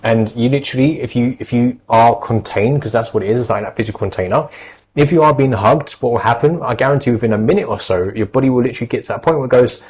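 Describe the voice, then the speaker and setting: A man talks quickly and earnestly, offering reassuring advice on anxiety in a podcast chat. His voice sits at a medium pitch, and he leans on fillers as he goes. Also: a little mellow, a little hiss or hum, low-quality recording.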